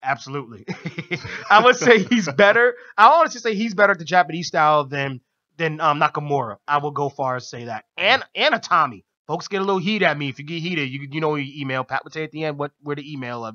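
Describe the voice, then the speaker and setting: Excited man recapping wrestling, bright voice. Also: on the high side, quick pace, muffled recording. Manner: enthusiastic, laughs often, many fillers. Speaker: radio show co-host. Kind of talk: casual wrestling recap chat. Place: radio studio.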